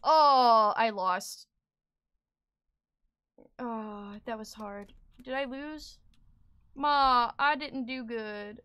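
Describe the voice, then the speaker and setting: A woman streaming a game live, talking to chat in an excitable, swear-filled way and shrieking when scared, with game music behind her. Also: on the high side, drawn-out words, pauses often, smooth, dry recording. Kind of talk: live gaming stream commentary.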